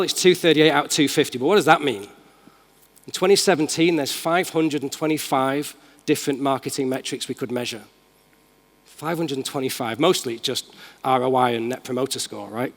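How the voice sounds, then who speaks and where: A man with a Manchester accent giving an enthusiastic, casual live tech demo as a conference keynote speaker in a large hall. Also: on the high side. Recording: long hall reverb.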